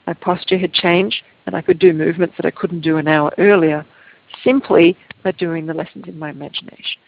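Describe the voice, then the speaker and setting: Gravelly woman guiding a movement lesson. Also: on the low side. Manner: calm, gentle, unhurried instructions. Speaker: Feldenkrais teacher. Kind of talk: guided movement lesson over a video call. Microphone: video call. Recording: tinny, phone-like call audio, dry.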